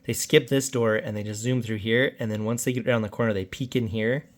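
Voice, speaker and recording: A man's voice: lowish voice, fairly even intonation, fairly quick. A middle-aged man casually recapping a tabletop game session he ran for his son, chatty and self-deprecating. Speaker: dungeon master recapping his son's game.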